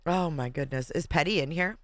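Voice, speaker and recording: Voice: mid-range voice, fairly quick, a bit bright, no room sound. A livestream host chatting casually and reading viewer comments aloud, laughing often.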